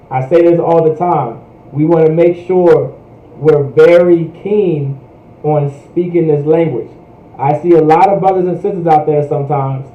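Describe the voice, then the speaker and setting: A man teaching a language class, talking casually and checking in with "right?" after nearly every phrase. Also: on the high side. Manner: repeats "right?" and "all right?" constantly. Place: US, Hampton Roads area. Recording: roomy, dull livestream audio.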